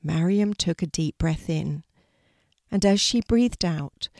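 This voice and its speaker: An older woman reading a children's story aloud in a calm, clear way. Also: fairly low pitch, slow, no room sound, studio quality.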